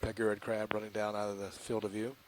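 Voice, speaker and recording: A man with a Southern US accent, a scientist giving live commentary on deep-sea creatures over an intercom, musing and hesitant with many fillers. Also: completely flat delivery, fast talker, a little mellow, a little hiss or hum.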